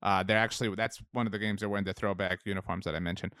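A man talks football in a loose, chatty way on a podcast, laughing easily and drifting into asides. His voice is smooth and resonant, recorded close and dry with no room sound. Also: on the low side, steady tone, rapid-fire, pushed and bright, no echo. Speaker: podcast co-host. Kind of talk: casual sports chat.

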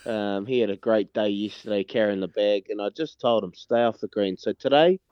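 Relaxed New man on a dull phone line. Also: lowish voice, normal speed, clean tone, no room sound. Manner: relaxed, chatty, mimics people in his stories. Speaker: golfer calling in as guest. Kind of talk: casual chat on a phone call.

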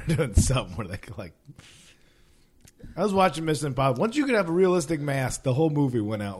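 A man's voice: medium pitch, big pitch swings, quick pace, long pauses, darkish tone, breathy edge. A man co-hosting a casual podcast, joking and rambling, laughing often. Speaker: podcast co-host.

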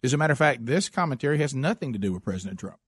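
A man's voice: medium pitch, very animated, very fast, slightly rough, dry recording, clean studio sound. A man hosting a political talk show, speaking emphatically and often repeating words as he starts a thought. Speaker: talk radio host.

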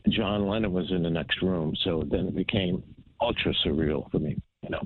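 Over a tinny phone-line connection, a man from New Jersey in the United States speaks in a deep voice at a moderate pace. As a guest guitarist in a storytelling interview, he tells animated anecdotes and imitates the voices of the people involved.

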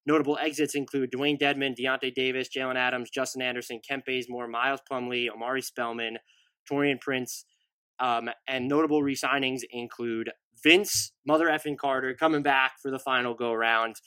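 Bright-voiced man talking basketball. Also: mid-range voice, level tone, smooth, no room sound. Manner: rapid-fire roster lists, offhand asides. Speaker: podcast co-host. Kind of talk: casual sports podcast analysis.

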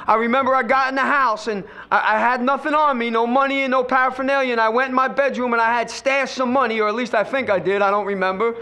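A man telling his recovery story to a meeting, in a high, bright, ringing voice. He acts out the voices of people in his story and swings from loud bursts to near whispers. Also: fairly even intonation, fast, hardly any pauses, smooth. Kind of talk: personal testimony at a recovery meeting.

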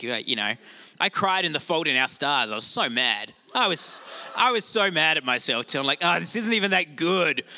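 A middle-aged male pastor preaching a sermon in an animated, conversational way with self-deprecating asides. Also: medium pitch.

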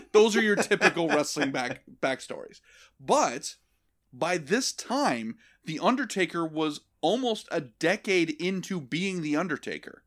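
A man's voice: a little high, measured pace. A man hosting a casual comedy podcast, telling a story with lots of swearing, laughter and put-on voices. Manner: animated, profane, laughing storyteller.

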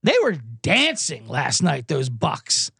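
A hoarse male podcast host rants with sarcasm and profanity, his pitch leaping around animatedly. His delivery swings between mock enthusiasm and grumbling. The sound is dry and close-miked. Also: wildly swooping pitch, takes it slowly, pushed and bright, no echo. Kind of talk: comedic sports betting podcast.

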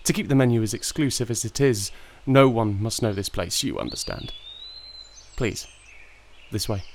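A man's voice: on the low side, normal speed, darkish tone, slight background noise, lightly acted. A man with a French accent, playing a cowed, servile male driver in an audio drama. He speaks politely and deferentially.

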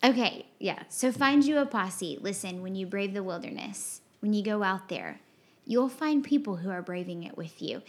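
A woman co-hosting a podcast in casual chat, animated and expressive, often laughing and mimicking friends in a high voice. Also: normal speed. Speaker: podcast co-host.

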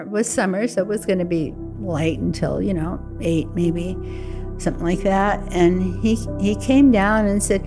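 An older woman telling a personal story in a conversational way, acting out remembered dialogue. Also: fairly low pitch. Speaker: interview guest.

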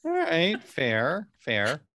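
A man's voice: a little high, wildly swooping pitch, very slow, very noisy. A man co-hosting a podcast in casual, enthusiastic chat, full of fillers. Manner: enthusiastic, chatty, lots of fillers like "like". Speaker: podcast co-host.

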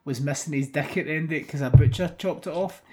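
A man's voice: on the high side, fast, dark tone. Playful Scottish man making jokes. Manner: playful, laughing, absurd jokes. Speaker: podcast co-host. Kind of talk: casual film chat.

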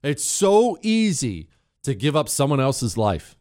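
A man's voice: mid-range voice, big pitch swings, takes it slowly, a little mellow, no echo, clean studio sound. A middle-aged man hosting talk radio, ranting in a heated, sarcastic monologue.

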